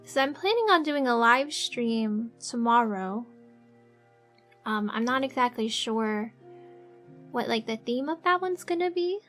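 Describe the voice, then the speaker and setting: A woman streamer chatting casually with viewers while she draws, soft-spoken and halting, with many fillers and little giggles. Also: sits high. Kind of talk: casual live-stream chat. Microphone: desk microphone.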